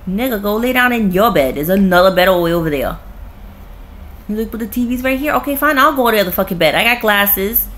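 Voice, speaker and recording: A woman's voice: mid-range voice, expressive, fast talker, fairly bright tone. A young woman at home, ranting bluntly and profanely in a casual vlog. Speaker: vlogger. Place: at home with her cat.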